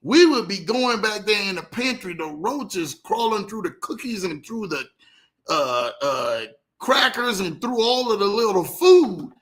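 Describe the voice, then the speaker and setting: A man hosting a casual livestream, animated, greeting viewers by name and telling stories in loose slang. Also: high-pitched, measured pace. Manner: animated, reads out viewer comments, Southern US slang. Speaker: livestream host.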